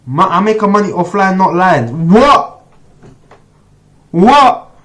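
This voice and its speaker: Excitable young man, high voice. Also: normal speed. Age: 20s. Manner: emphatic, slangy, bursts of excitement. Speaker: reaction video host. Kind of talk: casual reaction commentary.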